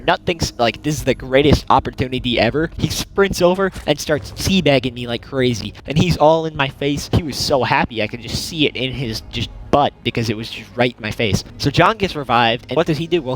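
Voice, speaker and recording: A man telling a gaming story in a lively, jokey way, laughing often. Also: mid-range voice. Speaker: gaming YouTuber. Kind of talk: storytime narration over gameplay.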